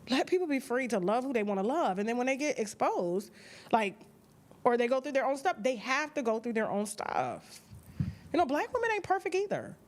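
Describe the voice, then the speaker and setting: A woman hosting a gossip show, talking to her viewers in a sassy, chatty way with casual commentary. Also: a little high.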